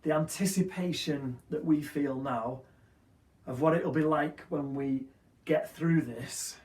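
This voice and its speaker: Earnest preacher in an echoey room. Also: male voice, a little high, darkish tone, recorded from a distance. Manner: earnest, rhythmic preaching with repeated phrases. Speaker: pastor. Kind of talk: Easter sermon.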